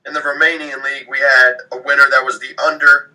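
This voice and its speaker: Matter-of-fact betting co-host, sharp tone, distant from the mic. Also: male voice, medium pitch, flat delivery, fast. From abroad, came to the US at ten. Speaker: co-host on a sports betting show.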